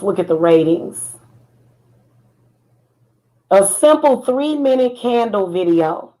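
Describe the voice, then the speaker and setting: Woman for an animated solo vlog, sassy and defiant, mid-pitched voice, laughs often. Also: slow, long pauses, poor audio. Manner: animated, laughing, singing snatches of a chorus. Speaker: spiritual vlogger. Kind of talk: casual livestream chat.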